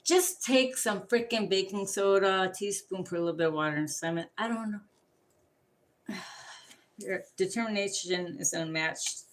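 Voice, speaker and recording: A woman's voice: mid-range voice, normal speed. Rambling, profane woman reading tarot. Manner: rambling, profane, jumps between topics. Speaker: tarot card reader. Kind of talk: rambling casual livestream chat.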